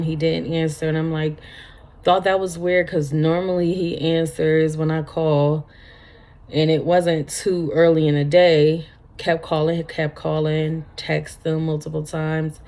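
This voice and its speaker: A woman in her thirties speaks slowly, her voice carrying a gravelly fry. She tells a personal story for her vlog in a halting, tearful way, breaking into tears at times and repeating her words. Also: sits low, darkish tone. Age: 30s. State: crying at times. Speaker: vlogger.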